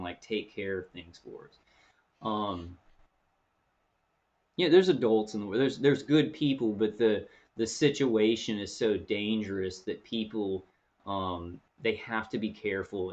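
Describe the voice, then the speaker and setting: Man, low-pitched, rambling vlog monologue, repeats himself, dull lo-fi recording. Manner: earnest, repeats and restarts phrases. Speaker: video blogger.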